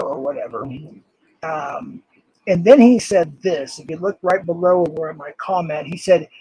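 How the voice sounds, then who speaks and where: A man's voice: a little high, normal speed, mellow, husky, no echo, rough recording. An older man streaming live, reading comments aloud in an angry, swearing rant.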